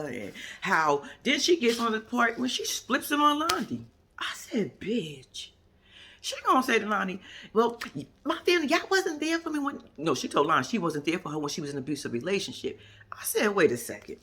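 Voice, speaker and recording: A woman talks through a reality episode in a casual vlog. She is sassy and profane, with a very lively pitch that leaps as she acts out what the cast said. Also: breathy edge. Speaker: reality TV commentator.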